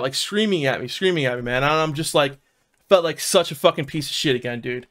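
A man's voice: a little high, brisk, a bit bright. Profane rambling Philly guy. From South Philadelphia, USA. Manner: rambling and profane, fills with "man" and "dude". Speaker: vlogger telling his own recovery story. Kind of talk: casual personal storytelling.

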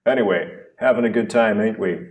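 A man's voice: lowish voice, brisk, close to an everyday voice. A man doing a sly man in black.

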